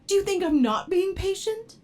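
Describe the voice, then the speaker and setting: Casting: a woman playing a clingy yandere android for whispered role-play, high and mellow, soft and pleading. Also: takes it slowly. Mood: indignant. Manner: soft and pleading, flaring into anger. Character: obsessive devoted yandere android, adult, unstable temper. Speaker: ASMR role-play performer.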